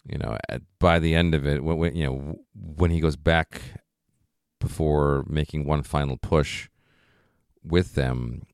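A man's voice: a bass voice, fairly even intonation, measured pace, darkish tone, no echo, clean studio sound. A man in a casual film discussion, thinking aloud in long, rambling sentences full of "you know" and "like". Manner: thoughtful, rambling, frequent fillers like "you know" and "like".

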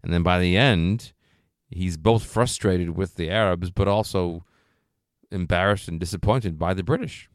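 Low-voiced man musing about a film. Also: moderate pace, no echo, studio quality. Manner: thoughtful, rambling, frequent fillers like "you know" and "like". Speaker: film discussion co-host. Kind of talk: casual film discussion.

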